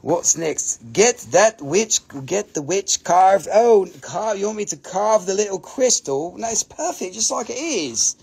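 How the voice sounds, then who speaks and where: High, gravelly man selling crystals live. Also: animated, measured pace, hardly any pauses, a little mellow. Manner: joking, profane, haggling. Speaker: host of a live crystal sale. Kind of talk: casual live sales stream.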